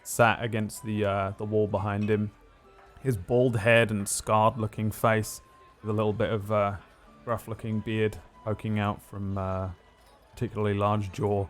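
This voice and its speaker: A man narrating a tabletop game as game master, describing scenes with frequent pauses. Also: on the low side, level tone, faint music behind.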